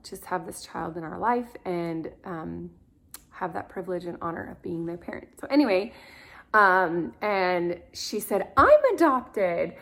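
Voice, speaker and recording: A woman's voice: lowish voice, vocal fry, a bit bright. A woman in her thirties, an adoptive mother, telling stories in a casual, rambling way with many fillers. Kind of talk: casual storytelling to camera.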